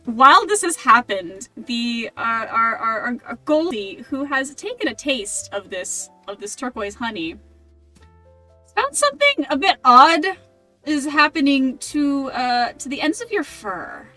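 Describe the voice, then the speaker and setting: A woman's voice: sits high, sing-song, a little slow, bright, forceful tone, faint music behind. A woman narrating a tabletop game as game master, rambling with many fillers.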